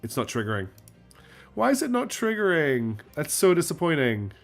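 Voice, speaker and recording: A man's voice: a little high, big pitch swings, moderate pace, creaky, soft background music. A man streaming a strategy game, chatting and thinking aloud in a casual, self-deprecating way. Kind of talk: live game commentary.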